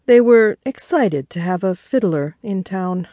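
A woman, the author, narrating her own children's audiobook in a measured way. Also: medium pitch, expressive, dark tone, no echo, clean studio sound. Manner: slow, measured reading.

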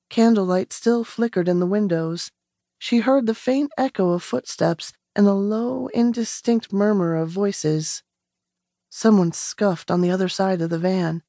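A woman narrating an audiobook in a measured, steady storytelling manner on a close studio mic. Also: medium pitch, no echo. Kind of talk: scripted narration.

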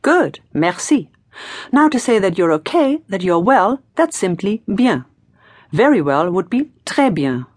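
A woman's voice: mid-range voice, sing-song, unhurried, dry recording, clean studio sound. A woman teaching in a scripted audiobook lesson, prompting the learner in an encouraging, playful way. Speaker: language teacher.

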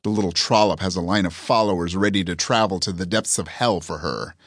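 A man with a lowish voice reads a first-person fantasy audiobook. His telling is wry and even. The recording is dry, close and without room sound. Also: fairly quick, no room sound. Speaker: audiobook narrator.

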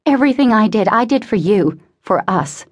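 Casting: desperate obsessive teen girl, tearful and pleading, husky edge, read by a woman narrator. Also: mid-range voice, animated, moderate pace, dull audio, pitched above the performer's own voice, close to an everyday voice. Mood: frantic.

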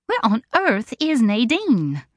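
A fussy, superstitious bride with a sharp, dramatic edge, voiced by a woman reading the book aloud. Her pitch leaps around as she snaps at her sister, and the recording is dry and close. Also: huge pitch swings, slow pace, no echo, heavily acted. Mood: snappish. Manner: snappish and dramatic.

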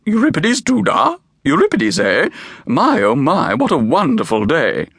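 A man voicing a stern, secretive woman archaeologist who speaks in a formal, curt and hushed way for an audiobook. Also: fairly high pitch, wildly swooping pitch, measured pace, breathy edge, no room sound, clean studio sound, voice pushed up, exaggerated voice. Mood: dry. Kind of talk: audiobook character voice.

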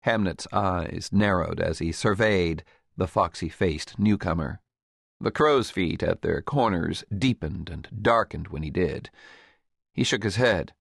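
A man narrating a fantasy audiobook in a measured, expressive way, voicing the characters. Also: on the low side, vocal fry, no echo, clean studio sound.

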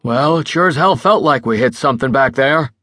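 A man's voice: mid-range voice, fairly quick, pushed and bright, dry recording, studio quality, pitched above the performer's own voice, close to an everyday voice. A male narrator playing a tipsy, stubborn older political fixer who rambles with backslapping bluster.

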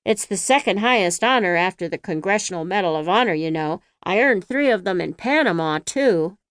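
A woman's voice: fairly low pitch, lively intonation, smooth, no echo, clean studio sound, lightly acted. A woman doing a bragging little man. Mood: boastful. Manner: boastful, brisk. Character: boastful short middle-aged man, a braggart.

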